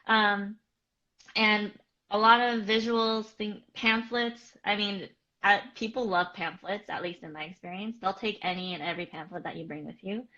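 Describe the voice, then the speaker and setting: Casting: woman co-host, bright and clear tone, chatty with lots of fillers, dull lo-fi stream sound. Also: mid-range voice, fairly even intonation, normal speed. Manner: chatty, filler-heavy, answers viewer questions. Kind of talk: casual live-stream chat.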